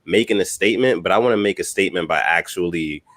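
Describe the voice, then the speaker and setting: A laid-back man talks in a casual podcast chat and keeps slipping in "you know what I'm saying." His voice is very low, and the recording is dry and close. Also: fast, a bit bright, dry recording.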